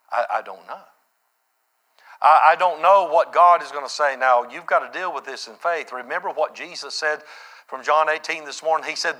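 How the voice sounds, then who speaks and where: A male pastor preaching a sermon, swinging from loud, high-pitched peaks to quiet, low, reflective passages.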